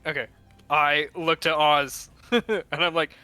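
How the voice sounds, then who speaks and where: A man's voice: on the high side, steady tone, slow pace, sharp tone, smooth, no room sound. A man playing a tabletop game, speaking hesitantly with fillers and laughing as he talks. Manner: hesitant, laughs while talking. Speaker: player. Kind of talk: tabletop role-play chat.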